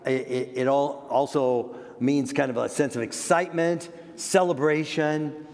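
An older man, a grandparent, giving an earnest sermon on parenting, repeating words and slowing down for emphasis. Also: medium pitch, fairly even intonation, darkish tone. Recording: long echoey hall reverb.

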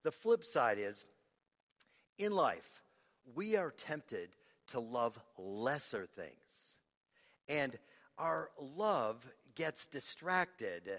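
Earnest pastor in an echoing hall. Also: male voice, mid-range voice, very animated, very slow. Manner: earnest, repeats phrases, sweeps from loud to hushed. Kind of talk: sermon. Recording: long reverb of a large hall.

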